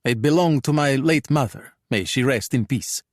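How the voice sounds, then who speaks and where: A man voicing a male operative posing as an Italian thief, with a put-on Italian accent and dry, unhurried replies. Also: medium pitch, no echo, close to an everyday voice. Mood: cool. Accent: put-on Italian accent in English.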